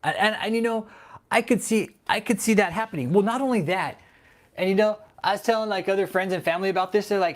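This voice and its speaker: This man's livestream begins as casual chatter before he erupts into a profane, heated rant, repeating himself over and over. He speaks fast, with a high-sitting, animated voice.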